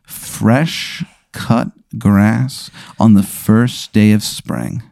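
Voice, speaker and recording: A man's voice: fairly low pitch, steady tone, creaky, darkish tone, no room sound. Man storyteller, casual improv, lots of ums, dry close sound. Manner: halting, full of fillers, puts on voices for characters. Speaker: storyteller posing a hypothetical.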